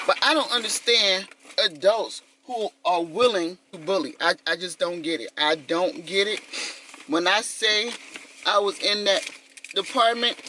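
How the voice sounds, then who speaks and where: A woman's voice: medium pitch, pushed and bright, a little hiss or hum. A woman in her fifties talking casually to her vlog viewers, telling a story with lots of animation and calling them y'all. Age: 50s. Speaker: vlogger.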